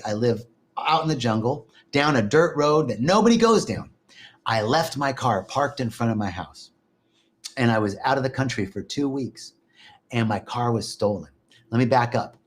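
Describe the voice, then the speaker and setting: A man preaching a sermon, telling animated stories, laughing often and swearing casually. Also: mid-range voice. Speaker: minister. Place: lives in Costa Rica.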